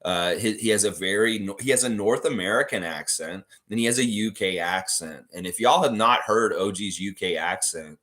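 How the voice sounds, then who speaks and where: A man hosting a casual livestream chat, rambling in a relaxed way and reading viewer comments aloud. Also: fairly low pitch, moderate pace, few pauses. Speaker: livestream host.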